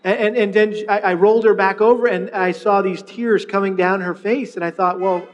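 A middle-aged man preaching a sermon, telling a personal story with lively retellings and frequent restarts. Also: sits high, normal speed, big-room sound, muffled recording. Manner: storytelling, animated, with many restarts. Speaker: pastor.

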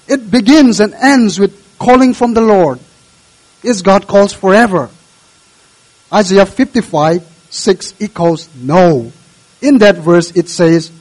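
A male pastor delivers a sermon in an earnest, measured way, exhorting the congregation. His voice sits high for a man. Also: darkish tone, low-quality recording.

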